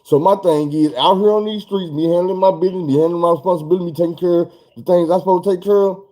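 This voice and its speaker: Animated profane man telling a story. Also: high-pitched, fast. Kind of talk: casual storytelling vlog.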